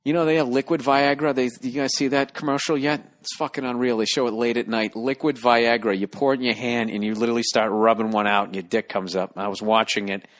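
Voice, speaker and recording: A man's voice: medium pitch, steady tone, fast talker, hardly any pauses. A middle-aged man hosting a solo podcast, rambling in a sarcastic, profane rant full of asides. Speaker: podcast host.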